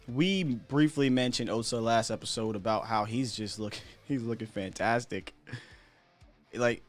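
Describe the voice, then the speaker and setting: A man hosting a casual sports show, chatty and animated, often asking rhetorical questions and laughing at himself. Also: medium pitch. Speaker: sports podcast host.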